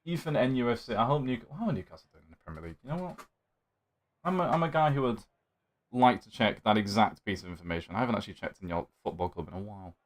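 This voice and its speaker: A young man with a fairly low-pitched voice speaks fast while live-streaming his own sim race. Animated the whole time, he chats to rivals on track and to his viewers while driving.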